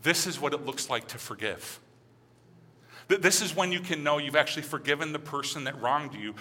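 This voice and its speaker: Bright-voiced man preaching in a reverberant hall. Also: a little high, fairly quick. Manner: conversational, reads scripture with dramatic quiet passages. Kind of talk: sermon.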